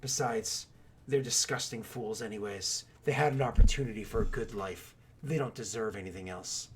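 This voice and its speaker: A man voicing a ruthless, menacing male frontier soldier who speaks in slow, cold, contemptuous tones. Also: slight background noise, close to an everyday voice. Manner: slow shouted threats, cold low contempt.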